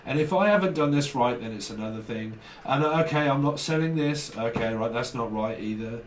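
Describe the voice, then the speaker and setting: A man's voice: mid-range voice, brisk, recorded from a distance, a little hiss or hum. Man reading tarot in an echoey room. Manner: acts out exchanges with slang, laughs often, swears. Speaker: tarot reader. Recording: echoey room, voice a little off-mic.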